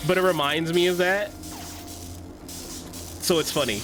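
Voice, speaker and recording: A man's voice: sits high, a little slow, over music. A young man streaming a game, chatting casually, joking, swearing and laughing often. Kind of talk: casual livestream chat.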